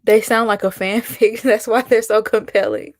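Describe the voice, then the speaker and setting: A woman's voice: a little high, steady tone, moderate pace, dry recording, clean studio sound. A woman, hosting a casual live-stream reality-show commentary and chatting with viewers. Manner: chatty, reacts to viewer comments, mimics people mockingly. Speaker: host.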